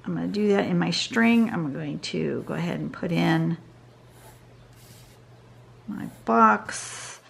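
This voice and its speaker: Sounding tired and yawning, a woman teaches drawing in a fairly low, slightly bright voice with vocal fry, speaking slowly with long pauses. She chats casually and thinks aloud while sketching, picked up by a camera above her desk.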